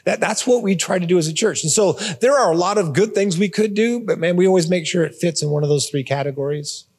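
A man's voice: high-pitched, fast talker, darkish tone, in a large hall. A man giving a conversational sermon as a pastor, repeating words and adding informal asides. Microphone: phone or portable device.

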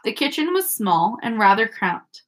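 Female teacher, story reading, animated and fairly high. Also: normal speed. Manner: expressive storytelling with character voices. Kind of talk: reading a novel aloud.

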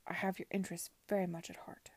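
Woman whispering as a stern dutiful gentleman. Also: fairly low pitch, flat delivery, fast, no room sound. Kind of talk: whispered reading.

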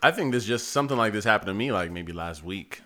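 A man talking casually with friends on a podcast, full of cursing and "like." His voice is bright and swings widely in pitch. He tells stories with loose energy. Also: quick pace. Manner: animated storytelling, lots of "like" and cursing. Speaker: podcast co-host. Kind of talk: casual chat.

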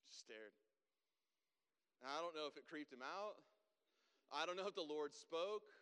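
A man in a large reverberant hall tells his testimony, bright and forceful in tone, with a smooth, resonant voice that sits a little high. He jumps into the voices of the people in his story as he goes. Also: moderate pace, long pauses. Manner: animated storyteller, acts out dialogue. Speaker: guest speaker.

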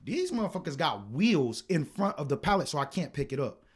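Animated, profane man telling a story. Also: on the high side, fairly quick, slightly rough. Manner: animated, profane, gets loud and heated retelling arguments. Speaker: podcast co-host. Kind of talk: casual storytelling chat.

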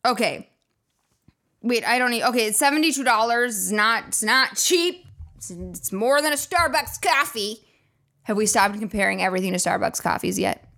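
A woman's voice: fairly high pitch, normal speed, fairly bright tone. Sarcastic, swearing woman podcast host. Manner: laughing often, swearing, riffing sarcastically. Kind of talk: casual comedic podcast monologue.

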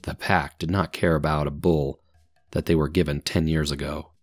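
Reading a story for English learners, a man with a very low, steady voice goes slowly and deliberately, pausing to ask comprehension questions. The close, dry recording has no room sound, just soft background music.

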